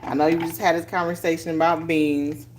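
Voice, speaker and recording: A woman's voice: low-pitched, little pitch movement, brisk. Chatty woman hosting a home cooking stream. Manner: chatty, laughs often, talks to viewers. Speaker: cooking show host. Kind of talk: casual live cooking stream. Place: home kitchen. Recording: echoey kitchen, faint noise.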